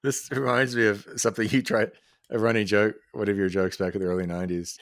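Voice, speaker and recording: A man's voice: fairly low pitch, level tone, quick pace, no echo, studio quality. A man co-hosting a casual podcast chat, easygoing, laughing often and chiming in with short replies. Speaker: podcast co-host.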